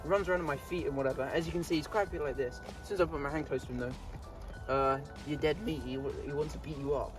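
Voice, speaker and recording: A man's voice: on the high side, rapid-fire, music in the background. A man chatting casually to camera outdoors in a goat pen, laughing often and scolding his animals. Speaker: vlogger. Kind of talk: casual vlog talk.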